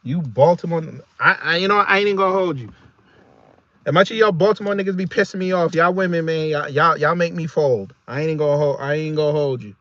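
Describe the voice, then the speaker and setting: A man hosting a casual reaction video, talking in an animated, slangy way and laughing often. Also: fairly high pitch, brisk, no echo, dull audio.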